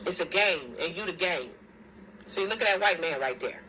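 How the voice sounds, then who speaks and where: Woman ranting casual to camera, bright pushy voice, repeats herself a lot, bit of faint noise behind. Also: fairly low pitch, expressive, moderate pace, rough recording. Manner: emphatic, repetitive, keeps pointing things out. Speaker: video commentator.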